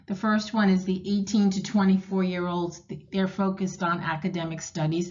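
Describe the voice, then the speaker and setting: A woman's voice: mid-range voice, a little mellow. New England woman giving a scripted presentation. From Rhode Island, USA. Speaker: university technology director presenting. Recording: dull lo-fi recording.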